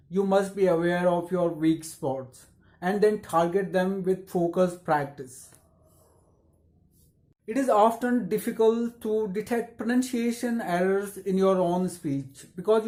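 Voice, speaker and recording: An English pronunciation teacher in scripted instructional narration, explaining tips in a measured and encouraging way. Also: medium pitch, darkish tone.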